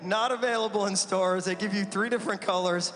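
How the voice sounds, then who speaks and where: A man preaching a sermon as pastor, in an animated, joking way with asides to the congregation. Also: sits high, a little fast. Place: church sanctuary. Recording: long hall reverb with faint music.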